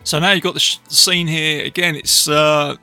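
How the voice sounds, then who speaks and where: A man's voice: on the high side, fairly even intonation, normal speed, pushed and bright, soft background music. Chatty man hosting a film podcast. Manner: chatty, retelling scenes with many fillers. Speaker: podcast host. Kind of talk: casual film review podcast.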